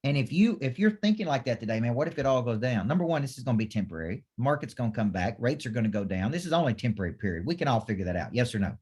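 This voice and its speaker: A man's voice: mid-range voice, sing-song, racing, hardly any pauses, darkish tone, slightly rough. A man giving a motivational business coaching talk, emphatic and repetitive, often asking his listeners to confirm they follow him. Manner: emphatic, repetitive, asks audience for affirmation.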